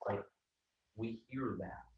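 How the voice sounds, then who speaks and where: Man, sales coach. Lowish, direct, heard distant and echoey on a call. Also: takes it slowly, dull audio, slight background noise. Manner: direct, keeps asking "right?". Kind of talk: coaching feedback.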